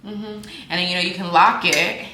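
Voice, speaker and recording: A drowsy woman vlogs casually to her viewers, talkative and frank, her lowish voice keeping fairly even intonation at a normal speed. The room echoes and faint background noise can be heard.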